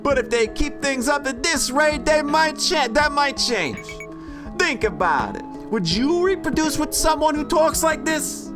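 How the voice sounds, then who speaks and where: A man's voice: extremely high pitch, sing-song, unhurried, over music, pitched above the performer's own voice, exaggerated voice. A man voicing a wisecracking teenage girl, the class clown of a visual novel, in a playful mocking way. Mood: teasing.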